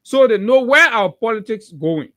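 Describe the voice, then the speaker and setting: A man's voice: extremely high pitch, lively intonation, moderate pace, sharp tone, no room sound, clean studio sound. A man with a Liberian accent giving heated, emphatic political commentary on a morning talk show, repeating phrases for force.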